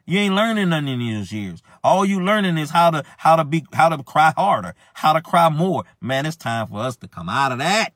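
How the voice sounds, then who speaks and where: A man's voice: a little high, big pitch swings, brisk, hardly any pauses, fairly bright tone, no room sound. Male preacher, casual fiery sermon, repeats his points and calls listeners out, dry close-miked sound. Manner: emphatic, repetitive, colloquial, calls listeners out directly. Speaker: self-described prophet preaching. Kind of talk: impassioned informal sermon.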